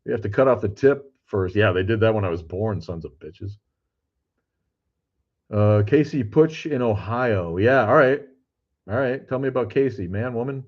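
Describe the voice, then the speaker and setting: A low-voiced older man rambles through a casual livestream, reading comments aloud and swearing bluntly. His voice is husky, and it comes through dull, lo-fi stream audio. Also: normal speed. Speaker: livestream host. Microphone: streaming cameras.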